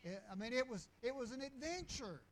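High-voiced preacher man. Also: animated, brisk, rough recording. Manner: folksy, rambling with restarts and chuckles. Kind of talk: storytelling sermon.

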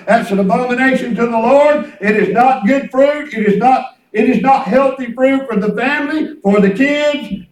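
A middle-aged man preaching a folksy, emphatic sermon and repeating himself for effect. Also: very high voice. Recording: echoey room, from a distance.

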